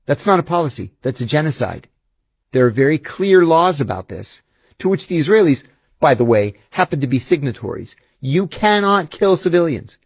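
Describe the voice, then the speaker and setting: A man's voice: fairly high pitch, very animated, normal speed, creaky, slightly rough, dry recording. A man being interviewed, telling stories animatedly and acting out the dialogue he quotes. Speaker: interview guest, former intelligence officer. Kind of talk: conversational interview storytelling.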